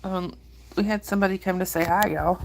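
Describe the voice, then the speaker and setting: Hoarse woman chatting on a livestream. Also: on the low side, fairly even intonation, brisk, slight background noise. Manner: chatty, greets viewers by name, sniffles. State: hoarse with a cold and sore throat. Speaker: livestream host. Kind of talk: casual live chat with viewers.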